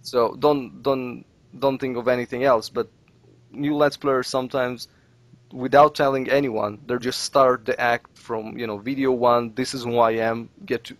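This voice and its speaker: A man's voice: medium pitch, dry recording. Native russian guy rambling on a podcast, keeps repeating words, dry sound. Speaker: let's play creator, guest. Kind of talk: casual podcast chat.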